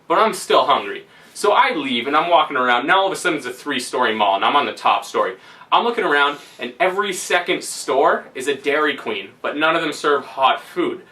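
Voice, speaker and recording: A man tells a long story in a loose, rambling way, laughing and filling pauses. His voice is fairly high and very bright. He sits some distance from the mic. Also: expressive. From Canada. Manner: rambling, laughing, full of fillers. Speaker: vlogger. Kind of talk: casual storytelling.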